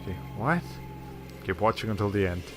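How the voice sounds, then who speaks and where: A man's voice: lowish voice, expressive, a little fast, over music. A man giving casual, rambling commentary while playing a video game. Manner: rambling, self-correcting, chuckling. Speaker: streamer. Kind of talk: casual let's play commentary.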